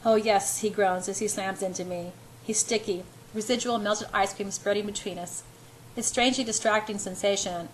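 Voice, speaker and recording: A woman's voice: medium pitch, low-quality recording. Woman reading romance aloud, mid voice, kinda unpolished, faint hiss. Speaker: amateur reader.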